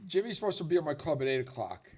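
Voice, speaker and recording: A man's voice: on the high side, big pitch swings, racing, darkish tone, breathy edge. A man hosting a podcast who owns a comedy club and moves the talk along with short prompts. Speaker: podcast host and club owner.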